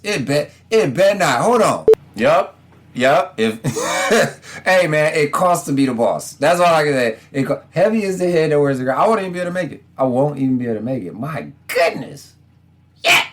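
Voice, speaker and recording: Animated man on a sports podcast. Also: medium pitch. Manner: animated, laughing, slangy, puts on quick voices for others. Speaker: podcast host. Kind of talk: casual sports podcast monologue.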